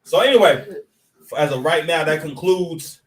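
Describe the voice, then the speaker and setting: A man's voice: a little high, normal speed, distant mic. Rambling joking man, echoey room. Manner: rambling, joking, stop-and-start with repeated words. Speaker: battle rap commentator. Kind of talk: casual commentary. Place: at home with his son nearby.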